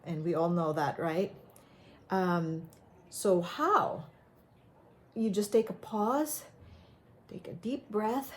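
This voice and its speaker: A woman speaks as a self-help speaker, giving motivational advice about handling anger. She talks slowly and gently, in a calm, conversational way at a middle pitch. She often pads her points with casual fillers.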